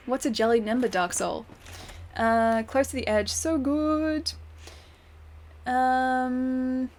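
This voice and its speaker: A woman's voice: fairly high pitch, a little hiss or hum. Chatty young woman streaming a game. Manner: chatty, laughs often, thanks viewers. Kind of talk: casual gameplay commentary reading chat.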